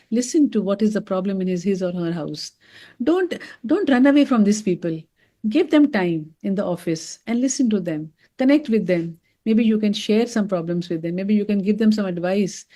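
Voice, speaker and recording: Animated woman giving a talk. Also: mid-range voice, moderate pace. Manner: animated storytelling, addresses listeners as friends. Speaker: doctor giving a wellness talk. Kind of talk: motivational talk.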